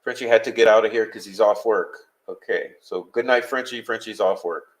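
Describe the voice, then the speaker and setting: A man's voice: lowish voice, steady tone, moderate pace. A man hosting a live-stream, talking bluntly and heatedly to his chat, swearing often as he vents. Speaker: podcast host.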